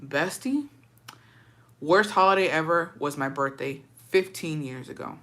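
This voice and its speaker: A woman's voice: low-pitched, normal speed, bright, forceful tone. A woman host chatting casually and reading viewer stories aloud, slangy and swearing freely. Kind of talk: casual chat and story reading.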